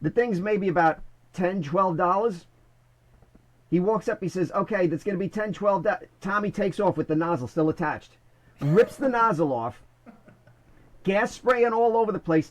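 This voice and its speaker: Brief: middle-aged New man, fairly high voice, animated storyteller who restarts often. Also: normal speed, rough recording. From Bronx, New York. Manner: animated, many restarts, "I says". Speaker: guest, former corrections officer. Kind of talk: casual storytelling.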